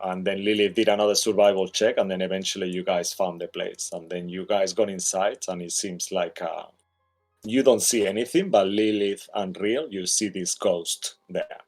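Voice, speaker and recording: A man's voice: sits low, fairly even intonation, normal speed, soft background music. A man narrating as dungeon master of a tabletop game over a voice call, in a loose, rambling way with lots of fillers. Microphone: headset or desk mic on a voice call.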